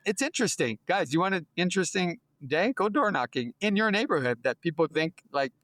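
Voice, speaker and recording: A man's voice: high voice, brisk, no room sound. A man in his sixties, a real estate agent telling a story as an interview guest, acting out dialogue with a lifted voice. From United States. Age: 60s. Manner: lively, acts out dialogue in a raised voice.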